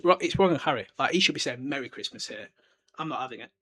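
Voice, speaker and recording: Fast and expressive, with a mid-range voice and a sharp tone, a British podcast host in his twenties rambles casually through a book discussion, talking loosely and swearing offhandedly.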